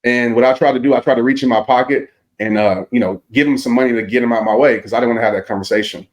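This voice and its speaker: A man's voice: medium pitch, quick pace. A man who works as a motivational speaker, a podcast guest telling a personal story in an earnest, reflective way. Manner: earnest and reflective, with vivid retelling.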